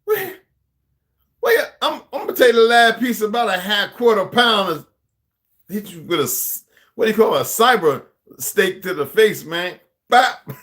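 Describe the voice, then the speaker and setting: A man putting on the voice of a rowdy young man who shouts at his brother, repeating himself. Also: high-pitched, expressive, moderate pace, voice pushed up. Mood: taunting.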